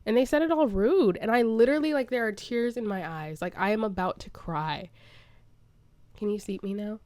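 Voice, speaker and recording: A young woman talking casually as a vlogger, telling a story in a chatty, animated way and laughing often. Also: a little high, brisk, no room sound. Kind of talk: casual storytime while playing a building game.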